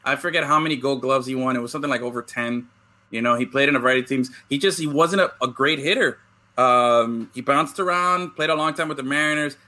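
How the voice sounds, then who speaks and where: A man hosting a casual podcast chat, opening baseball cards and telling animated stories, often saying "bro". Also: mid-range voice, quick pace. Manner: animated storyteller, says "bro". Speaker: podcast host.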